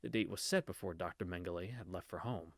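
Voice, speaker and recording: A man's voice: deep voice, fast talker, vocal fry, no room sound, studio quality. A man reading a visual novel aloud in a casual read-through, stumbling on words and correcting himself with wry asides.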